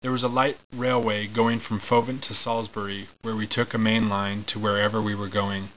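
Bright, informal male reader. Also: on the low side, flat delivery, slight background noise, rough recording. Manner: informal, halting, with fillers and self-corrections. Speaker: reader of a memoir. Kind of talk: casual recorded reading with asides.

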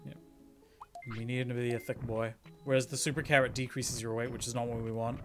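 A man chatting on a game stream in an easy, joking way. He muses aloud over game stats and choices as he plays. His voice sits at an ordinary middle pitch. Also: fairly quick, music in the background. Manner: relaxed, jokey, thinks aloud about game stats. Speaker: streamer playing a video game. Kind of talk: casual game-stream chat.

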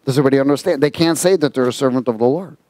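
A man preaching a sermon, telling stories with lively quoted voices and reading scripture aloud. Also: mid-range voice, rapid-fire, no room sound. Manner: animated storytelling with quoted voices. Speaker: pastor.

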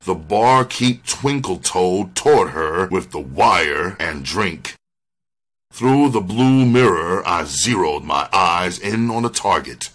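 Male audiobook reader, slow deliberate reading, bright edge, lowish voice. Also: animated. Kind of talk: first-person memoir reading.

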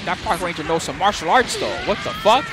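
A man's voice: high voice, a little fast. A man hosting a live fighting-game tournament stream, commentating the matches with slangy banter toward chat and frequent laughter. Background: game music.

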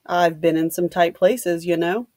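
A woman's voice: on the low side, a little slow, darkish tone, no echo, lightly acted. A woman reading the lines of a cool, dry-spoken man in a matter-of-fact way.

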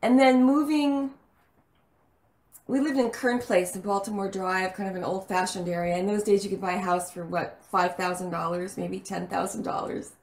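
Woman guest rambling through childhood stories, middle pitch, roomy sound. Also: moderate pace. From El Paso, Texas. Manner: chatty, animated storyteller. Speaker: actress guest. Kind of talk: casual interview storytelling.

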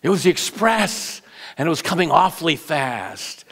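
A male pastor preaching an Easter sermon, telling a story with lively delivery and playful acted-out voices. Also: a little high, moderate pace, husky. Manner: animated storyteller, acts out voices. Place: church sanctuary.

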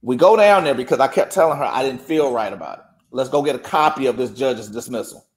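Animated man telling a story. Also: medium pitch, fast talker. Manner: animated, acts out quoted dialogue. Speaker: guest. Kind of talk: casual storytelling.

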